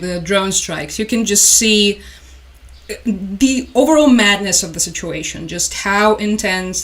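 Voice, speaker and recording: A woman's voice: mid-range voice, a bit bright. Woman from Ukraine hosting a casual news livestream, tired, chatty, dry sarcastic humor, mid-range voice. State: stressed and tired. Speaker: livestream host. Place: home room with a collection on the wall.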